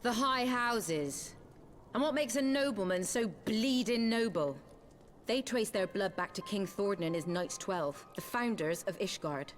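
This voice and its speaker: A woman's voice: mid-range voice, unhurried, faint music behind, lightly acted. An actress voicing a tough, street-wise woman leader in a video game cutscene, speaking in a dry, sardonic, commanding way. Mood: explaining.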